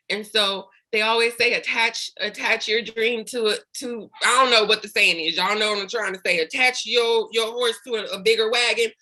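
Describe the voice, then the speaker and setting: A woman's voice: medium pitch, pushed and bright, poor audio. A woman leading her sales team on a video call, preaching with faith and fighting back tears. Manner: preachy, faith-filled, tearful. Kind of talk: emotional team call speech.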